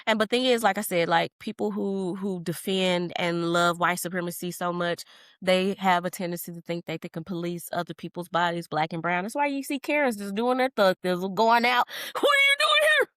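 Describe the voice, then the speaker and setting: A woman's voice: fairly low pitch, fairly quick, no echo, clean studio sound. Heated, blunt-talking woman podcast host. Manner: heated, blunt and profane, with emphatic outbursts. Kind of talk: casual solo podcast talk, answering comments.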